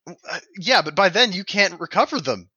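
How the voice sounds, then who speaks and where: A man appearing as a guest on a casual podcast, trading goofy deadpan quips. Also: sits high, normal speed, slightly rough, no echo, dull audio. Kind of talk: casual comedic podcast chat. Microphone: remote call recording.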